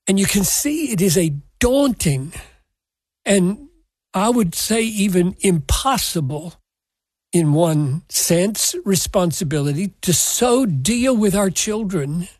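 A man preaching a sermon, slowly and earnestly explaining scripture verses. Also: high-pitched, darkish tone, breathy edge, dry recording. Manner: slow, earnest, emphatic scripture exposition. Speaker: pastor.

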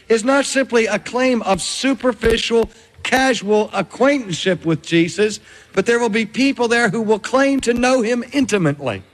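An older man preaching a sermon in a measured, emphatic way with dramatic pauses. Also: sits high. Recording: reverberant hall.

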